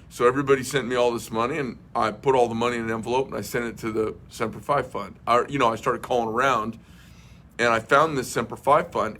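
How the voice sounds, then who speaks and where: A man's voice: medium pitch, a bit bright, slight background noise. A middle-aged man hosting a casual livestream chat, a rambling storyteller who swears bluntly and fills with many uhs and restarts. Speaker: host.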